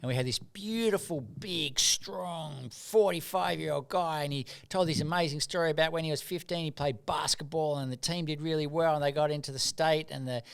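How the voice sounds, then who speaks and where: Middle-aged aussie guy, smooth clear voice, earnest storyteller on a podcast. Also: on the high side, moderate pace, hardly any pauses. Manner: earnest, animated anecdotes with frequent restarts. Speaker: guest, doctor and rites of passage mentor. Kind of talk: reflective storytelling in podcast conversation.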